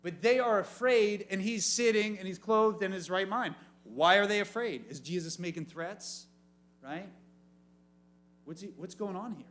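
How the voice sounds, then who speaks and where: A man with a higher-than-usual voice delivers a youth sermon as animated storytelling. He jumps into comic voices and throws questions out to the room. He sounds like a youth pastor speaking to teenagers. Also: a little slow.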